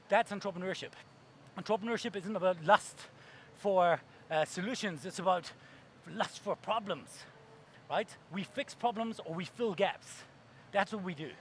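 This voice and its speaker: On stage giving a keynote, a man with a high, slightly bright voice is brash and profane, acting out voices for comic effect. There's slight background noise.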